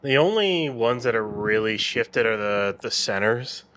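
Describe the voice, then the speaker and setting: A man's voice: mid-range voice, animated, measured pace, fairly bright tone. A man explaining hesitantly, thinking aloud and restarting. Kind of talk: casual live-stream chat.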